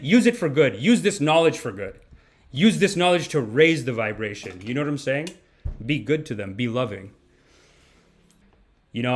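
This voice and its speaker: A man's voice: a little high, a bit bright. A man hosting a comedic livestream, rambling in a mock-preachy, profane manner. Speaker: podcast host.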